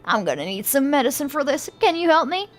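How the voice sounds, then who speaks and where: Give me a woman playing a wry, glum man with a broken leg in a game, deadpan about his troubles. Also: high-pitched, brisk, faint music behind, pitched above the performer's own voice.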